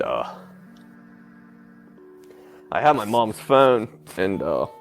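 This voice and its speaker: A man telling a painful personal story as an interview guest, halting and breaking off with filler sounds, sounding close to tears. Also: lowish voice, a little mellow. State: emotional, near tears. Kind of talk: emotional personal account.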